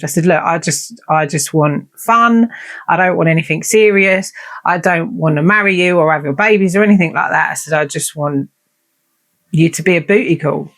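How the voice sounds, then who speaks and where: A chatty woman hosts her own podcast and tells a long personal story. She talks in a blunt, sweary and self-mocking way. Her voice has a gravelly fry to it. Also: low voice, normal speed, a bit bright. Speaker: podcast host. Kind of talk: casual storytelling monologue.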